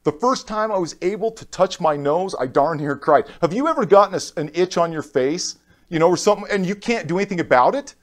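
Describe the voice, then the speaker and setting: A man's voice: high voice, expressive. Man telling a heartfelt personal story. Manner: heartfelt, halting storytelling with restarts, acts out others' lines. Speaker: keynote speaker. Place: conference stage. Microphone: stage microphone.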